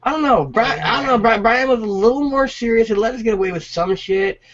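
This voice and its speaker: A man's voice: extremely high pitch, lively intonation, a little fast, fairly bright tone. A man co-hosting a casual podcast, telling rambling, swear-filled stories about game nights. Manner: rambling, swears freely, storytelling. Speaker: podcast co-host. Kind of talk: casual chat. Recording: dull lo-fi audio.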